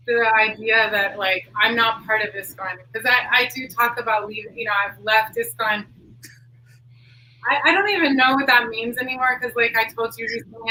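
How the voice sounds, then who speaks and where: Woman interview guest, earnest and casual, crisp bright tone, faint background hiss. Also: fairly high pitch. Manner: earnest, heavy use of "like" fillers. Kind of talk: candid conversational interview. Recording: distant mic with faint noise.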